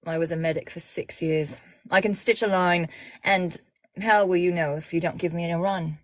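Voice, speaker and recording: A man's voice: fairly high pitch, steady tone, normal speed, a bit bright, no room sound, close to an everyday voice. A woman voicing a cocky, flirtatious male Australian doctor who teases with a smug drawl. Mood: teasing.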